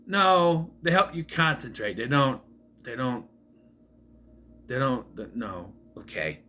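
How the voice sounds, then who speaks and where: A man's voice: a little high, bright, forceful tone. A man casually reviewing a film to camera, rambling, restarting his sentences and swearing bluntly. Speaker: movie reviewer.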